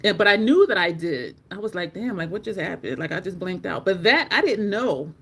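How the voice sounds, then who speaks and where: Animated woman telling a story. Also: brisk, breathy edge. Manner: animated, swears, jumps to high squeaks when quoting herself. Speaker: beauty vlogger. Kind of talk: casual storytelling while doing makeup.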